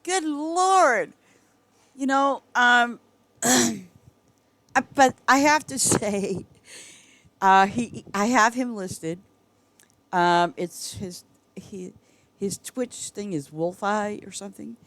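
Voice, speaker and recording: A woman's voice: mid-range voice, slow pace, pauses often, a bit bright, no room sound. A middle-aged woman streaming a game and chatting casually with her viewers, rambling and often breaking into giggles. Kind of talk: casual chat with viewers while gaming.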